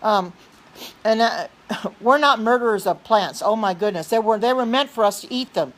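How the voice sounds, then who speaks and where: A woman hosting a livestream, talking insistently and earnestly, often repeating herself, restarting sentences and clearing her throat. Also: on the high side, normal speed. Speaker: livestream host reading chat. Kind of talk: earnest preaching livestream chat.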